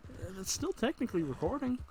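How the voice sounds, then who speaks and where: A man's voice: very high voice, big pitch swings, quick pace, a little mellow. A man co-hosting a game stream, chatting in a teasing, laid-back way. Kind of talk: casual gaming chat.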